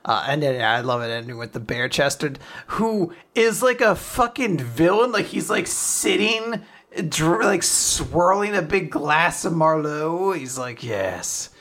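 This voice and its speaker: Co-hosting a relaxed podcast conversation, this woman speaks in a deep, unhurried voice. Her recap of a manga chapter is lively, and she performs the characters' quotes with bursts of laughter.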